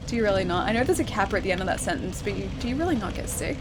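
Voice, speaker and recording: A woman's voice: medium pitch, animated, very fast, noisy background. A woman streamer chatting casually while she plays a game, reading viewer messages aloud and laughing often. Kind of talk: casual live-stream chat while gaming.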